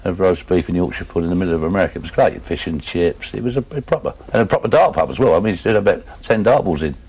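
A man's voice: low-pitched, animated, very fast, darkish tone, husky. A man with a London Cockney accent, telling rambling stories in casual chat, often adding "you know what I mean". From England. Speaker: former darts player telling stories.

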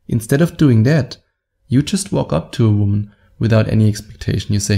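A man giving dating advice straight to camera as a coach, in a slow, deliberate, instructive way. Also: on the low side, vocal fry, mellow. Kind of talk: direct-to-camera advice monologue.

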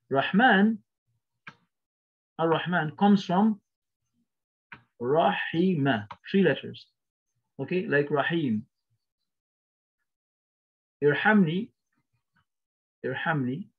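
Husky man teaching, checking "right?". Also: medium pitch, dull audio. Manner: explains patiently, repeats phrases, checks with "right?". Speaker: Arabic teacher. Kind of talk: recorded lecture.

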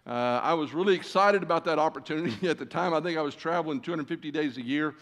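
A man's voice: fairly high pitch, quick pace, a bit bright. A man in his sixties preaching a sermon from a church stage, folksy and self-deprecating, with many "uh" fillers. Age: 60s. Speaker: guest preacher. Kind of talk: sermon with storytelling. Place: church stage before a large congregation.

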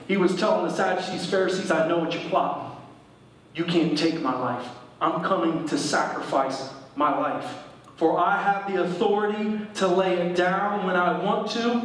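A man with a high-pitched voice preaches a sermon, reading scripture aloud and explaining it to the congregation. The sound is heavily echoey, like a large church room. He sounds a bit away from the microphone. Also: far from the mic. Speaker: pastor. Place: church service.

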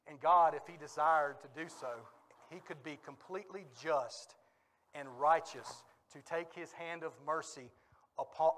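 Animated preaching man, fairly high voice. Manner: animated storytelling with bursts of laughter. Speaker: pastor. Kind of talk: sermon. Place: church sanctuary.

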